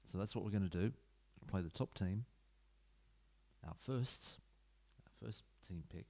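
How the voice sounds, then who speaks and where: Man, low-ish voice, casual chatty let's-play host, rambling asides, home desk mic. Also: a little slow, vocal fry, warm tone. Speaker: gaming YouTuber. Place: home room. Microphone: desk mic into computer.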